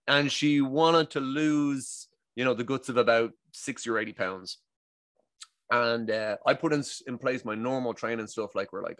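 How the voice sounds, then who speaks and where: Irish guest, mid-pitched male voice, animated storyteller, close and dry. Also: moderate pace, dry recording. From Ireland. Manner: animated, acts out quoted dialogue, frequent restarts. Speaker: guest, breath coach. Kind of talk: casual interview storytelling.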